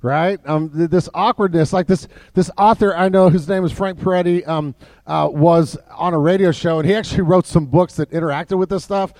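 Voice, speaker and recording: A man preaching a sermon as pastor, in a conversational way with many fillers and restarts, dropping soft and low for emphasis. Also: fairly even intonation, a little fast, no room sound.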